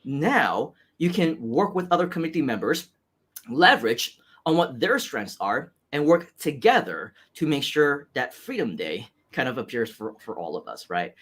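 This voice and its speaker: A man's voice: on the high side, a bit bright. A man with an American accent hosting an interview, talking through motivational points and tagging many lines with "right?". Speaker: host.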